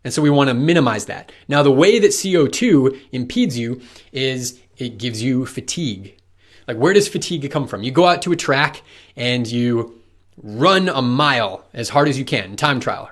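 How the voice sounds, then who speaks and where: Male running coach, mid-pitched, relaxed explainer who talks straight to the viewer. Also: normal speed. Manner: conversational, asks the listener rhetorical questions.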